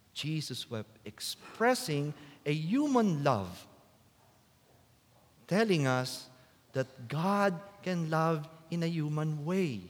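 Slow-preaching priest in a reverberant church. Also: male voice, on the high side. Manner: slow and deliberate, rising to loud emphatic quotes. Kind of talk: sermon.

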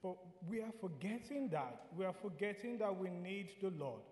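A man from Nigeria preaching a sermon, earnest and repeating key phrases, sometimes singing lines slowly. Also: high-pitched, animated, darkish tone, echoey room, long reverb tail.

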